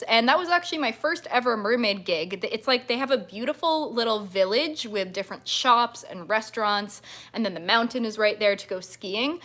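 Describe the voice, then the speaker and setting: A woman's voice: on the high side, fairly bright tone. A young woman hosting a casual livestream as a mermaid performer, bubbly and giggly, gushing with thanks as she chats with viewers. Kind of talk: casual livestream chat reading viewer comments.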